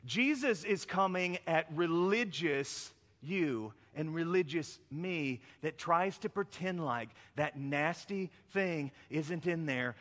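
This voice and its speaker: A man preaching a sermon as a pastor, talking in a conversational, animated storytelling way with frequent "right?" asides. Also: high voice, unhurried, hardly any pauses. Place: church sanctuary. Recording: long reverb of a large hall.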